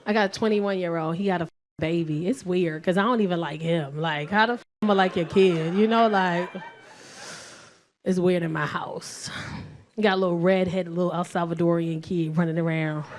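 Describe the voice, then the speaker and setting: A New York woman in her forties doing stand-up comedy, loud and animated, shouting punchlines and acting out both sides. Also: on the low side, moderate pace. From South Bronx, New York.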